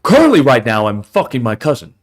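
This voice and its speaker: A man doing a smug, boastful bigot with a voice dropped far below his own, drawling every claim in a self-important tone. The voice rolls out slowly and heavily, a mocking caricature in a commentary rant. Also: medium pitch, huge pitch swings, voice pushed down.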